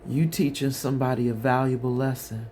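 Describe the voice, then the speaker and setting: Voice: medium pitch, fairly even intonation, a little fast, a little mellow, a little hiss or hum. A tarot reader giving a collective reading in a casual, chatty way, talking straight to the viewers.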